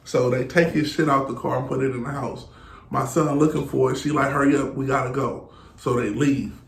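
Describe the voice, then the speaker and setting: A man's voice: mid-range voice, fairly even intonation, fairly quick, gravelly. A man in his thirties, a podcast guest, telling blunt and profane stories in casual chat and quoting others as he goes. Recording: echoey room with faint hiss.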